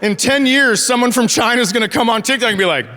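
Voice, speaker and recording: Very high-pitched and fast, this man in his forties works through a stand-up set on a handheld mic, acting out lines from his sarcastic family stories. The live recording carries the crowd's laughter.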